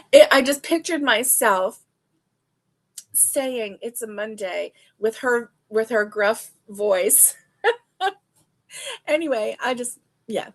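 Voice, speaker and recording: A woman hosting a casual crochet livestream, reading stitch descriptions aloud and reacting with delight. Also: a little high.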